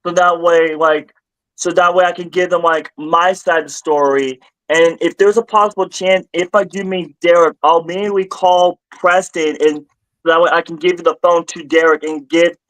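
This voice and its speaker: High-voiced man rambling on a stream. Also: steady tone, normal speed, no echo, poor audio. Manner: rambling, repeats and restarts phrases, gets louder and higher when worked up. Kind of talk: casual livestream chat.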